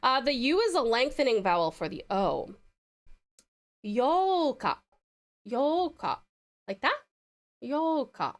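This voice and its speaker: A woman streaming live and chatting with her viewers. Her voice is high and bouncy, and she swoops up and down a lot. She sounds mostly American, with an Australian lilt on a few words, and she is giggly and full of ums. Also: big pitch swings, a little fast, hardly any pauses. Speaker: livestreamer. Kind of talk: casual livestream chat with viewers.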